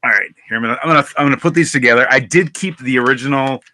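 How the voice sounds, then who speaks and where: A man's voice: mid-range voice, rapid-fire, sharp tone, dry recording. A man in a casual toy chat, rambling and thinking aloud with many restarts. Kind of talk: casual chat while opening toys.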